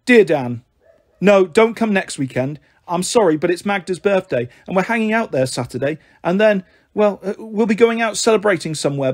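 A man with a husky voice reading a novel aloud in lively first-person storytelling. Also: high-pitched. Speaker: audiobook reader.

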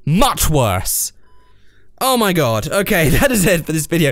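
A man giving let's play commentary while he plays a video game, exasperated, swearing, yelping and cheering loudly. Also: on the high side, sing-song, unhurried, no echo.

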